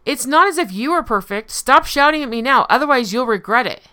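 A woman's voice: a little high, animated, brisk, fairly bright tone, clear, resonant tone. A woman reading out an indignant friend. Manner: defensive, indignant. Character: defensive young woman friend, quick to snap back.

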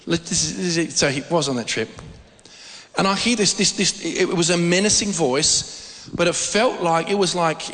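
Animated man preaching in a hall. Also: on the high side. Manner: animated storytelling with frequent restarts. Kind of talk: sermon. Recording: long reverb of a hall.

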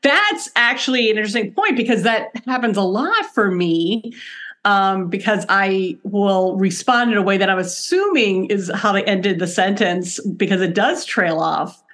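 A woman hosting a podcast in a relaxed chat, keen and eager, laughing often. Her voice sits at an ordinary middle pitch. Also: normal speed. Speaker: podcast host. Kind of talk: casual podcast conversation.

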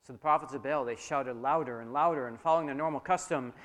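A man's voice: mid-range voice, quick pace. Man, pastor, sermon, dramatic scripture reading, church hall, long reverb. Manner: dramatic reading, dropping soft for prayer.

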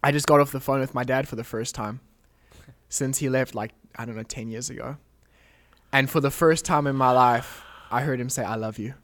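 A young man hosting a podcast, telling an emotional faith testimony with earnest, animated storytelling. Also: mid-range voice, moderate pace. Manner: earnest, animated storytelling, quoting prayers aloud. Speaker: podcast host. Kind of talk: emotional testimony in a casual chat.

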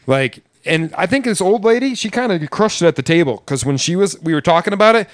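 A man's voice: high-pitched, expressive, brisk, no echo, studio quality. A man who hosts a podcast and works as a server, chatting casually in a blunt, profane, ranting way. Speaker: podcast host and restaurant server. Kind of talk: casual chat.

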